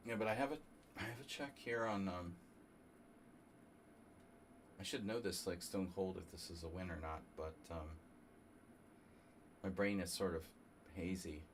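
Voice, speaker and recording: Low-voiced man muttering over chess moves. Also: a little hiss or hum. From New Jersey. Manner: halting, muttering through chess moves with fillers. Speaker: chess master streaming a simul. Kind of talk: casual thinking-aloud commentary.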